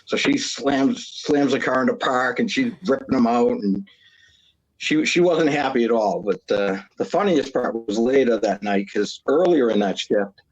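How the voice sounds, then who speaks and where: A man from Massachusetts, a retired police officer, tells a prank story on a podcast. His voice sits at an ordinary middle pitch, and he tells it with animation, acting out the voices of other people in it. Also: low-quality recording.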